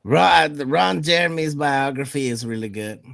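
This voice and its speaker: A man's voice: fairly high pitch, expressive, measured pace, gravelly, a bit bright, no echo, studio quality. A man with a Southern drawl, raised in Alabama, chatting bluntly and crudely on a stream. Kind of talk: casual chat.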